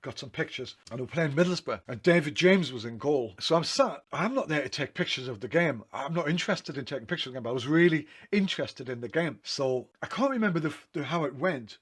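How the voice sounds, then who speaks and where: A photographer talks through his photo book in a high, animated, slightly bright voice with a breathy edge, speaking fast with few pauses. His chatty anecdotes ramble, and he often corrects himself mid-sentence.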